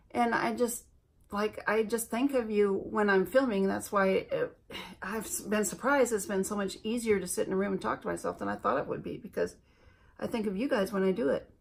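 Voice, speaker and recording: A woman's voice: mid-range voice, gravelly. A woman beauty vlogger chatting through her makeup routine, earnest and reflective, speaking directly to her viewers while filming at home. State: recovering from bronchitis. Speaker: beauty YouTuber. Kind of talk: chatty get-ready-with-me makeup talk.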